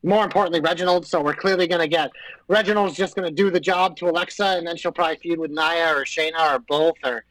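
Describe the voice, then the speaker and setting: A high-pitched man trades blunt, profane opinions in a casual podcast chat. His voice sits close to the mic with no room sound at all. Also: fairly even intonation, quick pace, fairly bright tone, dry recording, poor audio. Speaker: podcast co-host. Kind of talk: casual chat about pro wrestling.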